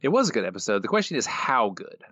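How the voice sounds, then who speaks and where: A man's voice: mid-range voice, big pitch swings, fast talker, sharp tone, no echo. A man co-hosting a podcast in casual chat, dry and wry. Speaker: podcast co-host. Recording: dull dry lo-fi sound.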